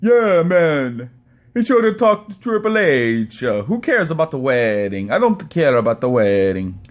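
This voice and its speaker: A man's voice: on the high side, sing-song, a little slow. A man doing a mocking impression of a fawning male podcaster, whiny and stammering. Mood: sneering mockery.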